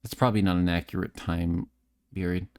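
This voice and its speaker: A man's voice: deep voice, flat delivery, fairly quick, darkish tone, smooth. Tipsy nasal-voiced man streaming. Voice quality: slight lisp. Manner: rambling, self-deprecating, chatty with viewers. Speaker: streamer and voice actor. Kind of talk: casual live-stream chat. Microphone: close desk microphone.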